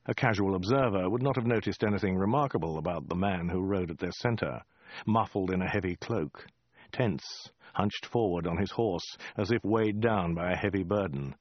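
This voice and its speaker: A man narrating a comic story in a dry, deadpan way. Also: deep voice, moderate pace, no room sound, highs cut off. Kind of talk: audiobook reading.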